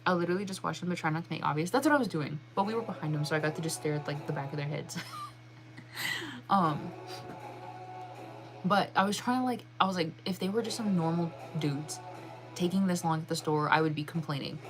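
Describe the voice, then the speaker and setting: A young woman telling a story in a casual, animated way, acting out her own reactions in a higher voice and laughing often. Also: fairly quick, over music. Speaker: channel host.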